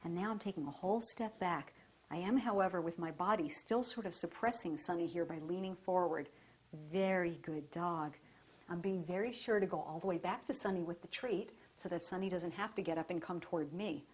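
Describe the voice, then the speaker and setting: Woman dog trainer, breathy, calm and even, instructional. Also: on the low side, fairly quick.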